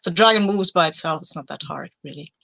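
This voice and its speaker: A man puts on a cocky young fighter who brags about a dragon as if it were nothing. The voice is pushed high, bright and tense, with a gravelly catch, and it sounds dry and close. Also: quick pace, dry recording, exaggerated voice. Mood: offhand boast. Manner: offhand, boastful.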